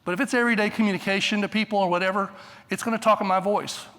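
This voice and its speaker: Blunt, bright-voiced older man in a hall. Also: sits high, fairly even intonation, rapid-fire. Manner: blunt, straightforward, brief. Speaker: conference speaker. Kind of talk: conference presentation. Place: large conference hall.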